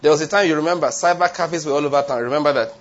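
Speaking very fast in a higher-pitched voice, a man preaches emphatically, questioning the congregation rhetorically and straying into tangents. The recording has a dull, lo-fi sound.

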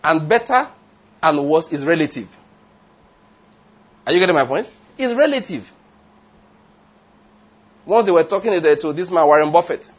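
A man's voice: a little high, lively intonation, moderate pace, pauses often, husky. A man preaching a sermon, emphatic, asking the congregation rhetorical questions and drifting into tangents. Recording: dull lo-fi sound.

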